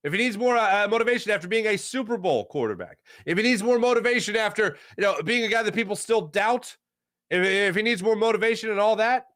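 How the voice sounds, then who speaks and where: A man hosting a casual sports talk show, animated and emphatic, repeating phrases for effect. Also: a little high. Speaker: sports podcast host.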